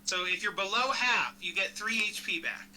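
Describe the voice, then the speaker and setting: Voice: mid-range voice, moderate pace, sharp tone, a little hiss or hum, rough recording. A casual, chatty game master running a tabletop game, laughing easily and correcting themselves mid-sentence.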